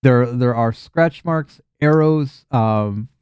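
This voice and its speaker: A man with a warm, smooth voice narrates a tabletop game as its game master, sketching scenes loosely and restarting his sentences often. He sounds close to the mic in a dry room. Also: mid-range voice, slow, no echo. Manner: loose, rambling description with frequent restarts and fillers.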